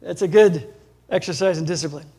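High-voiced, emphatic male pastor. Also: a little fast, warm tone, husky. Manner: emphatic, with sudden rises in pitch and volume; chuckles between points. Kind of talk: sermon.

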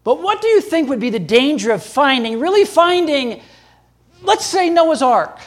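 A man preaching a sermon as pastor, emphatic, with sudden jumps in pitch and loudness and chuckles between points. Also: big pitch swings, moderate pace.

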